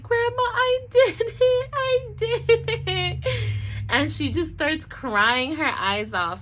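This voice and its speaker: Young woman, vlogger, bright tone, rambling storytime delivery. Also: mid-range voice. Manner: chatty, rambling, emotional. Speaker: esthetician vlogger. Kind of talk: casual storytime vlog.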